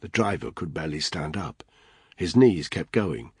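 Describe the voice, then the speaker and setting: A man narrates an action thriller audiobook in a steady, even manner. His voice is deep with a husky edge. The recording is dry and close, with no room sound. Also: moderate pace, no room sound.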